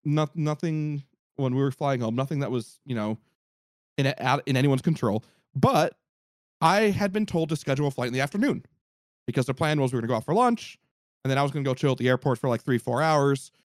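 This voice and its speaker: A man telling a story in casual podcast chat, animated and profane, acting out what people said. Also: mid-range voice, brisk, no room sound, clean studio sound. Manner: animated, profane, acts out quotes.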